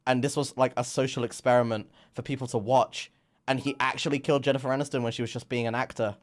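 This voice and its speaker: A young British man streams as he spins a silly story, chatting casually and playfully. His voice sits at a middling pitch and he rambles. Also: level tone, fast.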